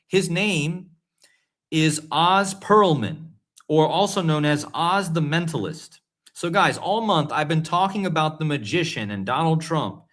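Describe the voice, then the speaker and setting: A man with a slightly high voice hosts a casual livestream. He talks with eager emphasis, going back over his points again and again for the viewers in the chat. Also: unhurried. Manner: excited, emphatic, repeats himself. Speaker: host. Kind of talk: livestream commentary.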